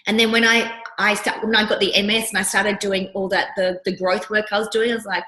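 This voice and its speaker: A woman's voice: medium pitch, brisk, few pauses. A woman coach teaching a workshop, telling personal stories and acting out the voices she quotes. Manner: animated storyteller who acts out the voices she quotes. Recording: roomy echo.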